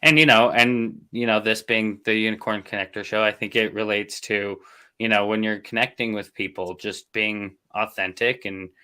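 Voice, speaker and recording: A man hosting a casual interview, his voice low yet bright and forward. He winds through his questions with plenty of "you know" and "um" on the way. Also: flat delivery, normal speed, clean tone. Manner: rambling questions with many fillers. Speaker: host.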